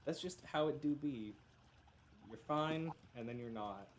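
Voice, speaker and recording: A man's voice: mid-range voice, measured pace, slight background noise. Rambling male game master with a cough. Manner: rambling, self-correcting, joking. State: coughing, sounds unwell. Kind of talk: casual tabletop game recap.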